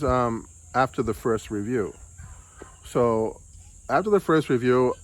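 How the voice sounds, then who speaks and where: A man from the United States venting in a casual vlog, frustrated, swearing and repeating himself. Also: medium pitch. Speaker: vlogger. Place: home in the Philippines.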